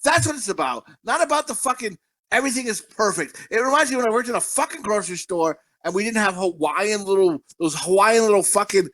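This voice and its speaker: A man's voice: high voice, lively intonation, quick pace, a bit bright. A man co-hosting a podcast, ranting bluntly and swearing constantly in casual chat. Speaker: podcast co-host.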